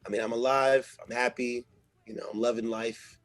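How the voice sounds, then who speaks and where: A man talking as a guest in a casual interview, loose, slangy and animated, with a husky voice. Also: medium pitch, normal speed, no echo.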